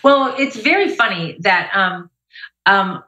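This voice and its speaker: A woman's voice: mid-range voice, lively intonation, slow pace, pushed and bright, echoey room, rough recording. A middle-aged woman, a motivational speaker, telling an upbeat personal story in a casual interview.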